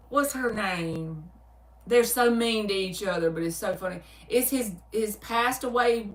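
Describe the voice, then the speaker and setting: This tarot reader's livestream finds her chatting casually in a Southern US accent, reading viewer comments and answering them with easy laughs and animated storytelling. Her voice is mid-range, and because she's away from the mic, the room comes through clearly in the sound.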